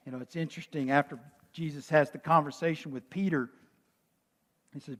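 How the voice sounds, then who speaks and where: A male pastor preaching a sermon with quiet urgency, at times reciting song lyrics softly. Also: mid-range voice, fairly even intonation, a little fast. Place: church sanctuary. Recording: long church reverb.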